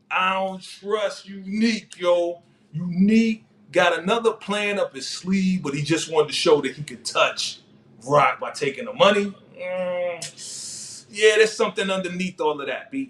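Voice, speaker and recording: A man hosting a casual live recap of a TV episode, excitable, laughing often and talking in heavy street slang. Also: on the high side. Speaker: TV show recap host.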